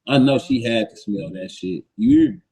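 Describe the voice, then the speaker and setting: A man's voice: mid-range voice, wildly swooping pitch, moderate pace, creaky, crowd noise, rough recording. A man co-hosting a casual live-stream chat, telling stories bluntly and with plenty of swearing. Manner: blunt, profane storytelling. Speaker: co-host.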